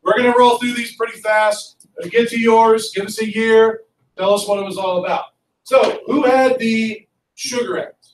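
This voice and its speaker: A male history teacher lecturing a class in a lively, conversational way and asking students questions. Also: high voice, normal speed, slight background noise. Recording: echoey classroom from far off.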